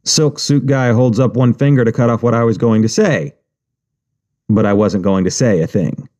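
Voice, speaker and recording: A man's voice: on the low side, moderate pace, dark tone. A man narrating an audiobook in the first person, with a wry, profane inner-monologue manner.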